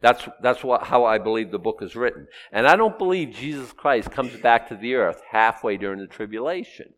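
A middle-aged pastor teaches through a Bible passage in a sermon, speaking conversationally with sudden loud rises. His mid-range voice moves fairly quickly with lively intonation.

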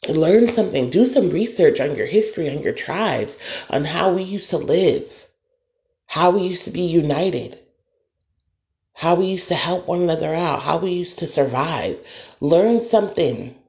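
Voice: mid-range voice, animated, measured pace, darkish tone. A podcast host venting alone on an episode, talking emphatically, repeating points and swearing. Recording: roomy echo.

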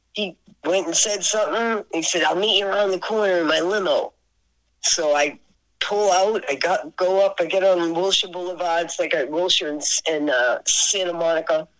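An older woman, a singer and podcast guest, telling a story in casual chat, animated and laughing often as she acts out both sides of a conversation. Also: on the low side, rough recording. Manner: animated, laughing often, voices her friend's lines.

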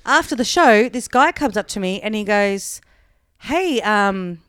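A woman's voice: mid-range voice, lively intonation, moderate pace, fairly bright tone, smooth, dry recording, clean studio sound. A woman comedian telling a long story in casual chat, full of "like" and acting out the quoted lines. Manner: chatty, peppered with "like", acts out quoted dialogue.

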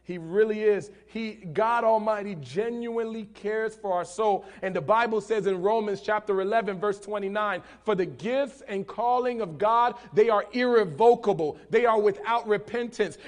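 A male pastor preaching a sermon in church, punctuating his lines with hallelujahs and swinging between loud bursts and quiet lines. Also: sits high, normal speed, hardly any pauses. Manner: preaching with frequent hallelujahs, swelling and dropping in volume. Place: church hall.

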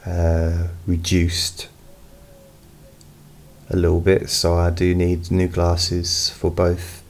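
A hypnotist who hosts hypnosis recordings gives a casual personal update from home, speaking slowly and meanderingly with many fillers. His voice sits low, and he uses a studio microphone with a pop filter, though not placed close.

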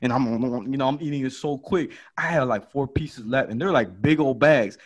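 A man's voice: normal speed, slightly rough. A man hosting a podcast, telling a comedy story and acting out the voices in it. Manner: lively, acts out quotes with big jumps in pitch. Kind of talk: animated storytelling chat.

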